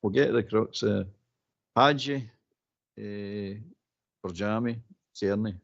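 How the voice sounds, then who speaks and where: A man's voice: lowish voice, slow pace, creaky. A man with a Scottish accent co-hosting a football phone-in, exasperated and repeating himself as he runs down the players. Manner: exasperated, repeats his words, laughs while he talks. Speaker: co-host. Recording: dull lo-fi audio.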